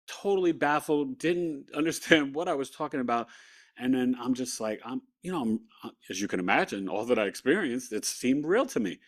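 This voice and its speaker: A man telling his near-death story in a casual, animated way. He acts out the voices of the people in it. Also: medium pitch. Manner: animated retelling, acting out quoted voices. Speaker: guest recounting a near-death experience. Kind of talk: personal storytelling.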